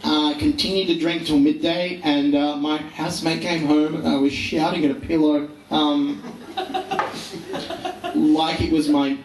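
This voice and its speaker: A man's voice: a little high, level tone, unhurried. Brief: young man, stand-up, rambling, self-mocking, roomy room, distant mic, faint hum. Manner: rambling, self-deprecating, with many fillers and restarts. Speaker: stand-up comedian. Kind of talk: live stand-up set. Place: live comedy venue. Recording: roomy live venue recording from far off.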